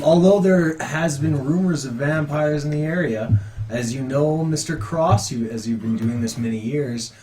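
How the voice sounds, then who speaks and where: A man's voice: mid-range voice, a little mellow. A man narrating scenes and questioning players as game master in a tabletop game. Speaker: dungeon master.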